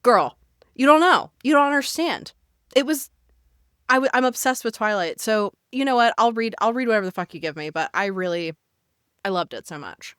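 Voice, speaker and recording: A woman's voice: mid-range voice, fairly quick, a bit bright, smooth, no echo, studio quality. A woman guesting on a book podcast, gushing emphatically and swearing freely. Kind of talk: casual chat.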